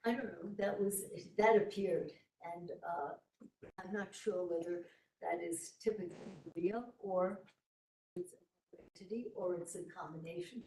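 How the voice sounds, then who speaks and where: Halting woman witness on the stand with a mellow voice, picked up from across an echoey courtroom. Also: lowish voice, a little hiss or hum. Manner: halting, trailing off mid-sentence. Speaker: expert witness. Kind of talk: courtroom testimony under cross-examination. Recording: echoey courtroom audio from far off.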